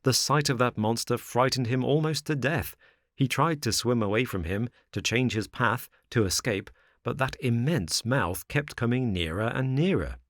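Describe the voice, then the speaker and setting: A man narrating a children's classic as an audiobook in an expressive, measured storytelling manner. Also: medium pitch, no echo, studio quality.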